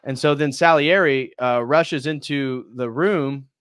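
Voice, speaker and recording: A man's voice: medium pitch, a little slow, a bit bright, clean tone, dry recording, studio quality. A man hosting a casual movie review on a live stream, retelling scenes and now and then acting out the characters' lines. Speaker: host.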